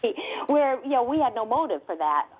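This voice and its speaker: A woman investigator telling a story with excitement, laughing often and using many fillers. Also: fairly high pitch, brisk, a little hiss or hum. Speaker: guest UFO investigator. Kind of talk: animated storytelling. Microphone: telephone. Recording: tinny phone line.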